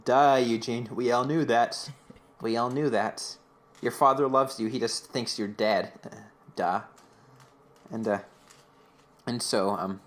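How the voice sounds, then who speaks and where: A young man co-hosting a casual fan podcast, rambling through a retelling with many fillers. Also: medium pitch. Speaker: podcast co-host.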